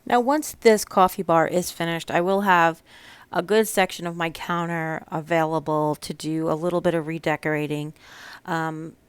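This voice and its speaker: A woman's voice: deep voice, steady tone, moderate pace, clean tone, no room sound. A woman with a Long Island accent, talking casually through a home DIY project in her kitchen, chatty with frequent ums and restarts. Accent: Long Island New York. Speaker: DIY vlogger. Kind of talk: casual crafting vlog.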